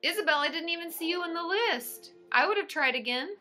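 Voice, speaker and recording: A young woman chats casually on a livestream, answering questions as a therapist would. Her voice is bright and forward, and her talk is bubbly and quick to react. Faint music plays in the background. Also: very high voice, lively intonation.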